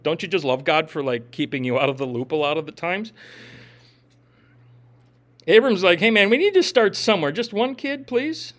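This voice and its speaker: A man pastor giving a casual, joking sermon with gym and pop-culture asides. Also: sits high. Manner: animated, swings between loud and soft. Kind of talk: conversational sermon.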